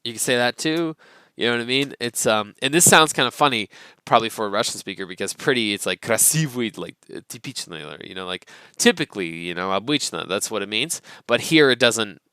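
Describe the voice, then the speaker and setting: Young American male teacher, casual and filler-heavy, crisp smooth tone. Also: mid-range voice, a little fast, dry recording. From North America. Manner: relaxed, chatty, many fillers like um and right. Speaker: English teacher. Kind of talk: casual video lesson.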